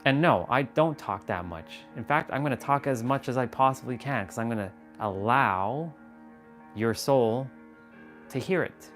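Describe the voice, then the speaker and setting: A man talking on a motivational livestream at an ordinary middle pitch. He drives points home by repeating them, throws in casual swearing and teasing asides to his viewers. Soft music plays faintly behind him. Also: expressive, unhurried. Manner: playful, mock-scolding asides to chat, emphatic repetition. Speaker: motivational live streamer.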